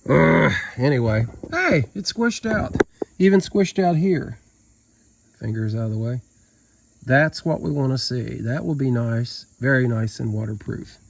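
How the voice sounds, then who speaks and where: Kneeling by a boat on the ground outdoors, this DIY boat-repair vlogger narrates his work in a casual, folksy, joking how-to style. His mid-range voice is gravelly and darkish, with a Southern Appalachian accent, and the recording has no room sound.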